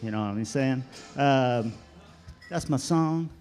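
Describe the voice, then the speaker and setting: A man doing open mic stand-up in a rambling, hesitant way with many pauses. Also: mid-range voice, darkish tone, clear, resonant tone, faint music behind. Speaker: stand-up comic.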